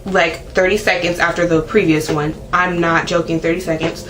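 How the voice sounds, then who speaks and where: A woman's voice: on the low side, flat delivery, fairly bright tone, slight background noise, rough recording. A young woman telling a personal story to her viewers in a chatty vlog, filling her talk with "like" and acting out what she screamed. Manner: chatty, fills every pause with "like"; acts out her own screaming quotes. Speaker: vlogger. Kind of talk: casual storytelling to camera.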